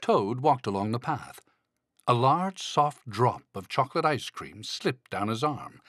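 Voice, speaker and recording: A man narrating a children's storybook in a slow, expressive read-aloud manner. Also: medium pitch, no echo. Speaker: audiobook narrator.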